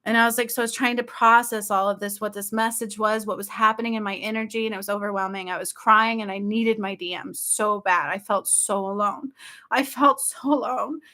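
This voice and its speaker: A woman telling her viewers about a dream in casual, excited speech, often checking in with "okay?" and "like". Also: mid-range voice, a little fast, hardly any pauses. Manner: excited, breathless storytelling with frequent "like" and "okay?". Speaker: spiritual channel host.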